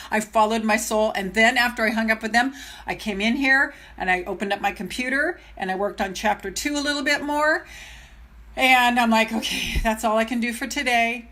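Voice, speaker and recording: A woman's voice: a little high, moderate pace, pushed and bright. An older woman, a self-love coach, chatting live with her followers in a gushing, chatty way and greeting viewers as they join, speaking into her phone camera at home. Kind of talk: live video chat with followers.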